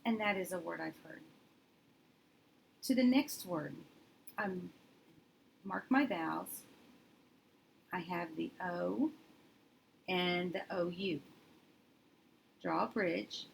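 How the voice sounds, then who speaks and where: Methodical woman with a gravelly low voice. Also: poor audio. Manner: steady, methodical, thinking aloud step by step. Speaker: teacher. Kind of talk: instructional demonstration. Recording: faint background noise.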